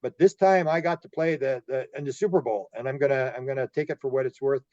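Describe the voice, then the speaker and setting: A man from Canada, a UFO investigator being interviewed, telling animated stories, laughing often and acting out quotes. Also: mid-range voice, fast, no echo, dull audio. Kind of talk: casual interview storytelling.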